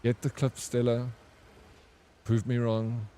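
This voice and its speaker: A man's voice: mid-range voice, monotone, slow pace, dark tone. A man streaming a game, chatting casually and bantering with viewers as he reads their messages aloud. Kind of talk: casual livestream chat.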